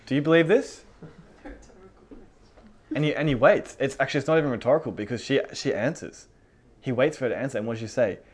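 A man leading a casual Bible study, reading verses aloud and commenting with animated enthusiasm and frequent laughter. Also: mid-range voice, rapid-fire. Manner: animated, laughs often, reads scripture then comments.

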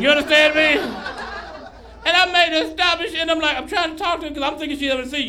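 A man from Memphis doing a crude, animated stand-up routine on a club stage. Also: extremely high pitch, fast talker, over music, crowd noise. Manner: loud, crude, animated storytelling. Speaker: stand-up comedian. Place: comedy club stage before a live audience. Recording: live club recording with noise.

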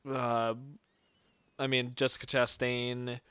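A man's voice: mid-range voice, monotone, slow, pushed and bright, clean tone, no room sound, clean studio sound. A young adult man co-hosting a podcast, chatting casually about movies, rambling and hedging with fillers. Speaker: podcast co-host. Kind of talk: casual movie review chat.

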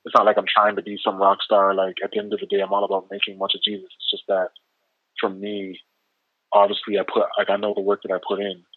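Low-voiced Canadian man on a phone line. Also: completely flat delivery, quick pace, no echo. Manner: easygoing, rambling with many fillers. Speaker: rapper guest. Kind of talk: casual interview over the phone. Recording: tinny dry phone line.

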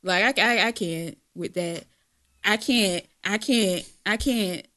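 A woman's voice: mid-range voice, slow pace, sharp tone. A woman co-hosting a casual gossip podcast, slangy and dramatic, laughing often. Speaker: podcast co-host.

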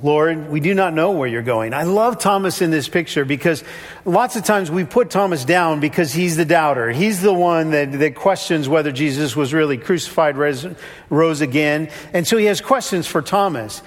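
A man's voice: fairly high pitch, normal speed. A pastor delivering a sermon in a conversational way, now and then acting out the people he quotes. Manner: conversational, acts out quoted voices. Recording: long hall reverb.

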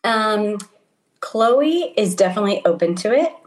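A middle-aged woman missionary talking casually as an interview guest, laughing often and filling pauses with ums. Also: mid-range voice, expressive, low-quality recording. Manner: warm, laughs often, many ums and restarts. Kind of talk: casual conversation. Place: home in Italy, over a call.

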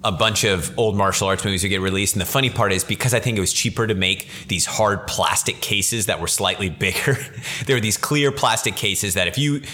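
A man's voice: lowish voice, fairly quick, pushed and bright. A man hosting a podcast, chatting casually and enthusiastically about old films, rambling and correcting himself as he goes. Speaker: podcast host. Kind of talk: casual film chat.

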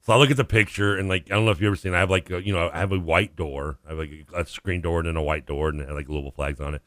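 A man's voice: low voice, steady tone, racing, fairly bright tone, no room sound, clean studio sound. A man co-hosting a radio sports talk show, telling a long funny story in casual chat, acting out the voices he quotes and laughing often. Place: radio studio. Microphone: studio microphone.

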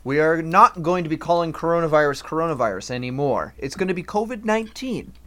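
Animated Canadian guy, joking around. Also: fairly high pitch, fast. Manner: animated, jokey, acts out dialogue. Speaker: podcast co-host. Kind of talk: casual chat.

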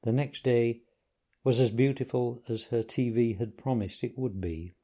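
A man calmly narrating a story in a measured, unhurried way. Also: mid-range voice. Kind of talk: audiobook narration.

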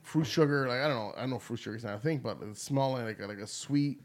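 A man's voice: medium pitch, fast. A man co-hosting a casual beer tasting chat, laid-back and teasing, swearing casually. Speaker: beer review podcast co-host.

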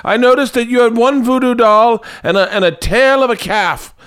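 A man's voice: moderate pace, fairly bright tone, smooth. A man voicing a panicky, apologetic male sports interviewer who keeps backtracking. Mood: flustered. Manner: squeaky, flustered backtracking.

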